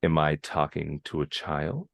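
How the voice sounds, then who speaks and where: A man's voice: extremely low pitch, a little slow, creaky, studio quality, voice pushed down, heavily acted. A man voicing an ancient cosmic tree spirit that teases by echoing the player's words in a sassy valley-girl voice. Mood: intrigued.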